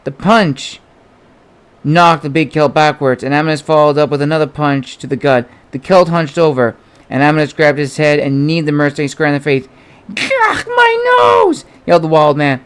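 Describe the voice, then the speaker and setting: A man's voice: on the high side, fairly even intonation, a little fast, smooth. A man narrating an audiobook, reading steadily and giving the characters small shifts of voice. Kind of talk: audiobook narration of his own novel.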